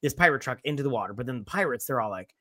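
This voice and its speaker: A man hosting a casual movie review after drinking, rambling and profane, with sudden loud acted-out lines. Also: medium pitch, animated, racing, no room sound, clean studio sound. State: has been drinking. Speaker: podcast host.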